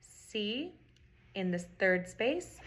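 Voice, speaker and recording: A middle-aged woman, a music teacher, gives a recorder tutorial, patiently repeating key points and chanting rhythms aloud. Her mid-range voice is sing-song with drawn-out words, and the recording is very noisy.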